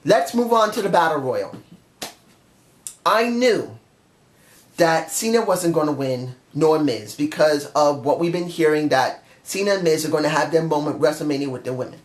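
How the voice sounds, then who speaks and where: A man's voice: on the high side, lively intonation, moderate pace. A man giving an emotional, passionate review in a casual monologue straight to his viewers. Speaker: wrestling show reviewer. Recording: echoey room.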